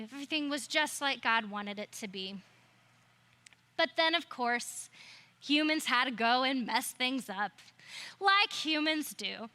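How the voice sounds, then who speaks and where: A woman with a high, bright voice, telling a story to a youth group. She is playful and chatty and drops jokey asides along the way. She sounds like she is in her thirties. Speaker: youth ministry speaker. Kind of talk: storytelling talk with flannel graph.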